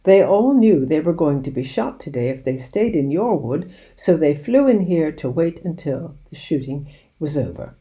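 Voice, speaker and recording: A woman reading aloud, voicing a calm, soft-spoken and slyly witty father. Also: low voice, normal speed, muffled recording. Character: calm, sly, twinkly-eyed country father.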